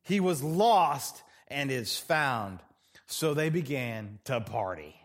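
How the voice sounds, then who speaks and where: A male pastor preaching a sermon in a church, dramatic, swinging from loud passages to hushed ones. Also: mid-range voice, lively intonation, unhurried.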